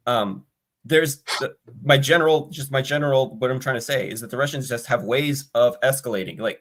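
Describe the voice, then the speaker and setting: A man's voice: medium pitch, a bit bright. Guy on a video call, rambly, lots of restarts, does little mocking quote voices. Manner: rambling, many restarts, mock-quoting voices. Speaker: open mic panelist. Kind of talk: casual political discussion.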